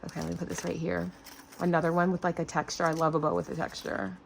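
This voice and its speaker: A woman's voice: on the low side, quick pace, vocal fry. A woman of about forty hosting a craft channel, chatting casually and gushing over a package of crafting goodies. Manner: gushing, excitable, lots of "oh my gosh". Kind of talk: casual unboxing chat.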